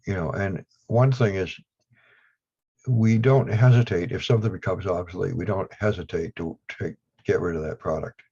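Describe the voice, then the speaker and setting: Man, Down East Maine accent, low voice, slightly raspy, rambling and blunt, dull lo-fi video call audio. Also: normal speed, dark tone. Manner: rambling, blunt, dry humor. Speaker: guest, lapidary equipment maker. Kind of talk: casual interview over video call.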